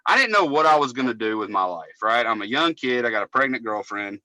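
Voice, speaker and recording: A man's voice: medium pitch, animated, brisk, sharp tone, dry recording, poor audio. A man, co-hosting a casual podcast and telling long, profane stories. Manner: profane, rambling storyteller. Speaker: podcast co-host, cable technician.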